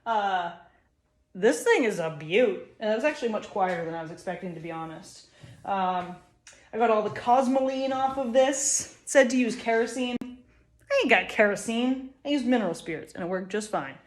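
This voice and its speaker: A woman's voice: mid-range voice, lively intonation, normal speed. A young woman and woodworker, talking casually to her camera from her small shop, chatty and upbeat, often laughing at herself. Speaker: woodworker and small business owner. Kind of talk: casual vlog talk to camera.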